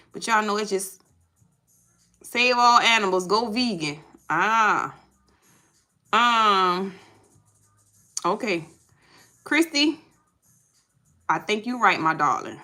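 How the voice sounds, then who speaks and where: A woman's voice: mid-range voice, pushed and bright, low-quality recording. A woman reading tarot on a live stream, chatting casually with viewers and repeating herself as she sorts out names. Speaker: tarot reader.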